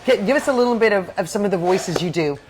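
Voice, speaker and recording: A woman's voice: medium pitch, expressive, quick pace, darkish tone, slight background noise. A middle-aged woman hosting a talk show, interviewing casually with eager affirmations and exclamations. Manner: enthusiastic, frequent affirmations and exclamations.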